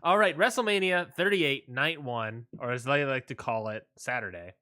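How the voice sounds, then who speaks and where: A man's voice: mid-range voice, normal speed, pushed and bright, dry recording, clean studio sound. A man hosting a casual wrestling podcast, joking and steering the conversation along. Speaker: podcast host.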